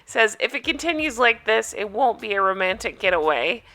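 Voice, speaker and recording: A woman's voice: mid-range voice, sing-song, normal speed, sharp tone. A woman chatting casually with viewers as she recaps a reality show, amused and talkative.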